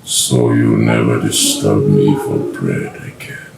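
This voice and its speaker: A cold Nigerian husband who answers in slow, curt words. His voice is very deep and gravelly, and it wanders widely in pitch. It is heard from a distance in an echoey room with noise behind. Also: wildly swooping pitch, over loud music, exaggerated voice. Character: strange, cold husband, middle-aged man.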